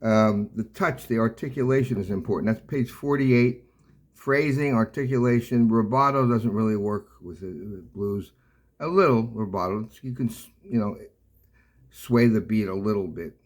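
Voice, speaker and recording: An older man teaching piano in a casual, rambling way, halting often with fillers and restarts. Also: on the low side. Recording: loud piano playing throughout.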